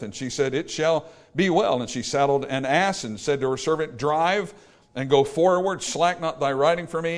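Male preacher, slightly high voice, folksy storytelling sermon delivery. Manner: retells scripture in plain folksy terms, reads verses in King James wording.

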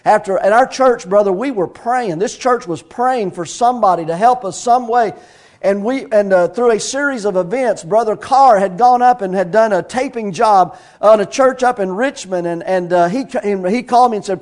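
High-voiced preacher telling a story. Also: male voice, normal speed. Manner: storytelling preacher, animated, folksy, with shouts of praise. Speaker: pastor. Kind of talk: sermon.

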